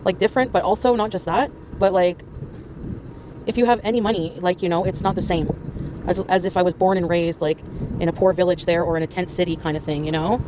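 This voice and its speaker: A woman's voice: lowish voice, fairly even intonation, fairly quick. A woman livestreaming outdoors, rambling in casual filler-heavy chat. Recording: clip from a livestream, street noise behind.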